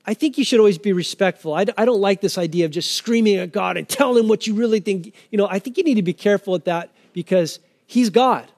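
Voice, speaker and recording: A man's voice: high voice, fast, few pauses, darkish tone. A man preaching a sermon with passion, acting out the voices of the people in the scripture as he tells the story. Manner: impassioned preaching, voicing the people in the scripture he quotes. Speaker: pastor.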